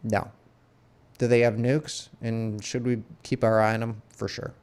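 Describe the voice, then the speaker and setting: A man co-hosting a casual podcast, talking in a laid-back way with swearing and halting restarts. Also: on the low side, little pitch movement, a little mellow, clear, resonant tone. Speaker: podcast co-host. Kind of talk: casual chat.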